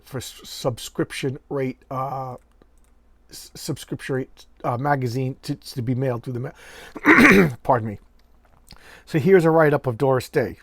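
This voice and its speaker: A man's voice: medium pitch, dry recording. Middle-aged guy chatting over old comics, jumps into the characters' lines, dry close mic. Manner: chatty, acts out comic dialogue in bits, self-correcting. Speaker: comic book reviewer. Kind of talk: casual show-and-tell chat.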